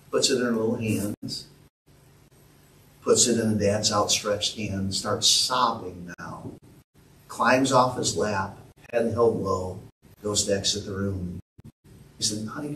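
A man's voice: fairly low pitch, steady tone, takes it slowly, pauses often, a bit bright, slight background noise. A male pastor preaching an earnest, emphatic sermon and calling out to his congregation. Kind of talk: sermon with storytelling. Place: church sanctuary. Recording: echoey church room from a distance.

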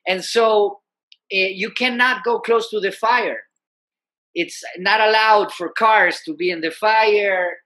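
He sits high in pitch and speaks slowly: a musician and peace activist telling a story as a guest, animated and chatty, leaning often on "you know."

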